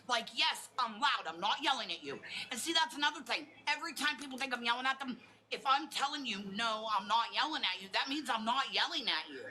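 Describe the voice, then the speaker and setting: A woman hosting a livestream, talking loudly and bluntly with lots of swearing as she rants. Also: fairly high pitch, slight background noise, poor audio. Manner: loud, blunt and profane. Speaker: livestream host. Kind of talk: heated livestream rant.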